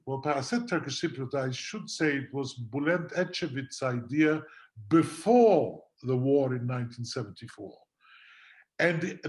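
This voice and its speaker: A man speaking as a guest lawyer on a webinar panel over a video call, measured and arguing point by point with frequent fillers. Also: a little high.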